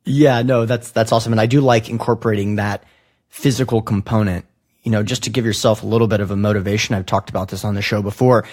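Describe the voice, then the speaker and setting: A man hosting a podcast, talking in a relaxed, conversational, joking way. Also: lowish voice, fast. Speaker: podcast host. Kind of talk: casual interview talk.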